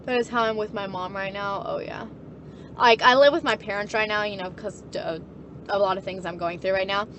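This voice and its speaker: A woman's voice: mid-range voice, fairly even intonation, a little fast, fairly bright tone, slight background noise. A woman in her twenties chatting casually and bluntly, swearing freely and laughing often. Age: 20s. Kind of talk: casual chat.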